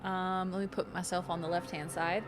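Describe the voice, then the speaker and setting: A woman's voice: fairly low pitch, flat delivery, normal speed, background noise. A woman streaming a video game, chatting casually and reading the game's text aloud with jokey asides. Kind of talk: casual let's-play chat.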